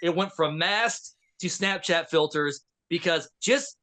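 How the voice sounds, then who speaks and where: A man co-hosting a podcast in a studio, retelling a film with lively acted-out lines. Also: fairly high pitch, a little slow. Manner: animated storytelling, acts out characters' lines. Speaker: podcast co-host. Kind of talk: casual movie recap chat.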